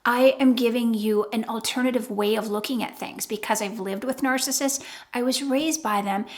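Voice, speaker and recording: A woman's voice: on the high side, fairly bright tone. An older woman hosting an advice video, talking bluntly and playfully straight to the viewer. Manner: blunt, playful, acts out quoted lines. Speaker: YouTube advice host. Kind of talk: casual direct-to-camera advice.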